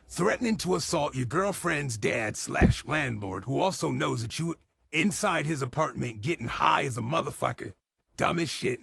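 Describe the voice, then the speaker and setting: A man with a heavily gravelly, slightly husky voice pitched a touch above the usual delivers exasperated, profanity-packed comedic commentary. He sounds dry and close, with no room around him. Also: fairly bright tone, no room sound. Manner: exasperated, swearing nonstop at the character. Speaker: show commentator.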